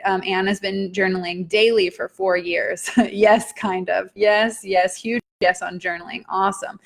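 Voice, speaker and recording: A woman's voice: fairly high pitch, a bit bright. A woman hosting a live stream, reading oracle cards and viewer comments in an upbeat, chatty way, swearing casually now and then. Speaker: oracle card reader, live stream host.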